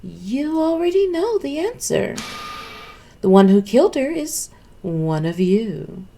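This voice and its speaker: A woman's voice: fairly high pitch, sing-song, slow, gravelly, mellow, a little hiss or hum, pitched above the performer's own voice, full character voice. A woman voicing a gleeful, sadistic male bear mascot from a video game, in a mocking, sing-song taunting manner.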